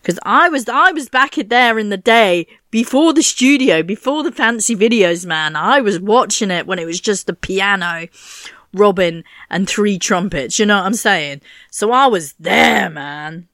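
A woman's voice: medium pitch, lively intonation, a little slow, fairly bright tone, no room sound, clean studio sound. A woman radio DJ chatting casually and rambling between songs, with self-mocking, playful asides.

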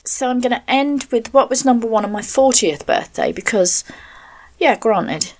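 A woman's voice: fairly high pitch, animated, moderate pace, a little mellow. A woman, hosting an online radio show in a rambling, playful chat.

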